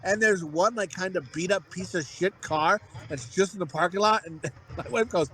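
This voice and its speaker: A man's voice: high-pitched, moderate pace, bright, forceful tone, slight background noise. A man in his thirties, a podcast co-host, telling crude rambling stories in casual chat and acting out what people said. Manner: crude, rambling storytelling with acted-out quotes.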